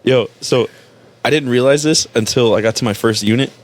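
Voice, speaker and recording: A man's voice: medium pitch, fairly quick. A man with a Miami accent telling crude, joking stories in casual chat, acting out other people's voices.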